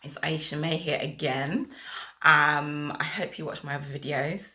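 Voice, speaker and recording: A woman's voice: deep voice, steady tone, measured pace, pushed and bright. A young woman from South London with a South London accent, chatting casually to her vlog audience, rambling and joking at herself with plenty of fillers. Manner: chatty, rambling, self-mocking, lots of fillers. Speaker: vlogger.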